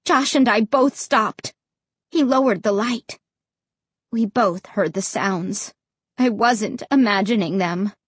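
Husky-voiced woman narrating an audiobook. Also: medium pitch, slow pace, dry recording. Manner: expressive storytelling. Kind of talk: first-person audiobook narration.

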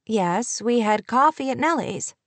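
A woman's voice: fairly high pitch, animated, a little slow, dry recording, pitched above the performer's own voice. A woman voicing a patient young woman who sounds lightly exasperated but gracious. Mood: wry.

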